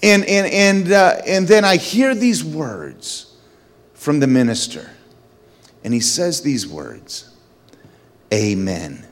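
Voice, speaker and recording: Middle-aged man, testimony storyteller, lively pitch, rises when excited, hushes when solemn. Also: slow pace. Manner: animated storyteller, voice rises high when excited, drops low and quiet when solemn. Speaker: speaker sharing a personal testimony.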